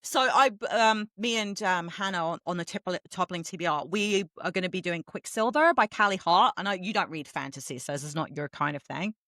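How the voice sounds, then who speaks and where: A middle-aged woman from England, co-hosting a podcast in casual chat, talking fast and swearing freely. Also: fairly low pitch, bright, forceful tone, dry recording. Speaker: podcast co-host.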